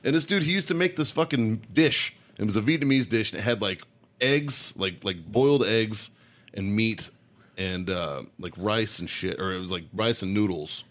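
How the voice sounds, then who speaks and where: A man's voice: lowish voice, moderate pace. A man co-hosting a podcast, telling a crude story in casual chat, swearing and laughing often. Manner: profane, excitable, laughing storyteller. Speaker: podcast co-host.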